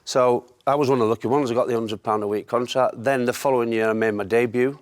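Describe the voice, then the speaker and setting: A man, a former footballer telling anecdotes in lively chat, often laughing at his own stories. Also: medium pitch, quick pace, no room sound, clean studio sound.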